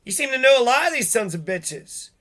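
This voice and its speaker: Man, middle-aged, profane ranting vlog, high voice, bright tone. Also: very animated, brisk. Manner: profane, agitated, rhetorical questions. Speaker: vlogger. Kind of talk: angry ranting monologue.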